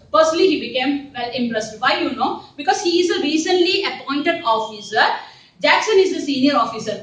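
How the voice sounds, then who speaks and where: A woman's voice: sits high, fairly bright tone. A woman teacher, explaining a story step by step and checking that her class understands. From India. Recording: roomy sound from a distant mic.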